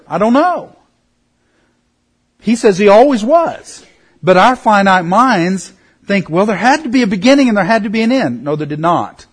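A middle-aged man teaching a Bible study in an earnest way, slowing down to stress key words. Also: sits high.

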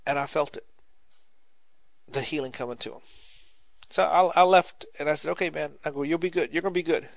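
Male preacher, a bit higher-pitched, conversational sermon style, dry close recording. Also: a little fast, gravelly, pauses often, no echo. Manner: conversational, repeats phrases for emphasis, ends in prayer. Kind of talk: informal sermon with testimony.

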